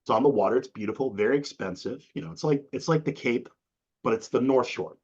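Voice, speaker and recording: A middle-aged man from Massachusetts, an interview guest telling stories in a casual, animated way, acting out the people he quotes with big jumps in his voice. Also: mid-range voice, fast talker, breathy edge. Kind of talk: casual storytelling. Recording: dull lo-fi sound.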